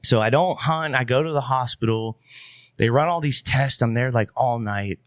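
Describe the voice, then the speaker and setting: A man's voice: medium pitch, moderate pace, no echo, clean studio sound. A young adult man, a podcast guest, telling a long rambling story in casual talk with plenty of fillers. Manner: rambling, animated, many fillers.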